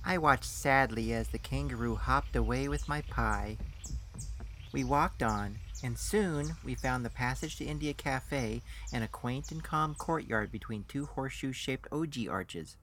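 Male narrator, mid-pitched, dry first-person storytelling for an audiobook. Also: measured pace, fairly bright tone, slight background noise.

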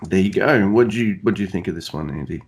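A man's voice: deep voice, animated, fast. A man with an Australian accent, chatting casually and rambling with jokes as a podcast co-host. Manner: rambling, joking, self-deprecating. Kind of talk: casual chat.

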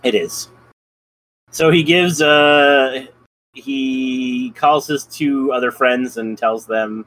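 A man's voice: medium pitch, takes it slowly, fairly bright tone, poor audio. An easygoing man with a mid-range voice, walking through a film's plot in casual chat. He chuckles often as he goes along. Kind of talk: casual movie review chat.

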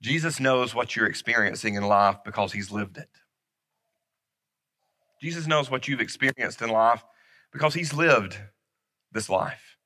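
A man preaching a sermon as pastor, repeating key phrases and swinging from loud emphasis down to a soft, near-whispered delivery. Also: mid-range voice, measured pace, pauses often.

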